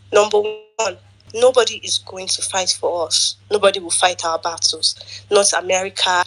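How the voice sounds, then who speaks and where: Lady giving a fired-up talk in an audio chat, bright clear voice, says things twice for punch. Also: medium pitch, rough recording. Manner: urgent, rallying, repeats phrases for emphasis. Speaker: speaker in an online audio space. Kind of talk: impassioned political address.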